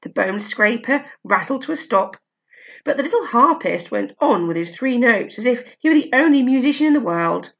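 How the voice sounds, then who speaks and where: A woman reading a children's story aloud in a steady, expressive way. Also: a little high, moderate pace, lo-fi sound. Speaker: narrator.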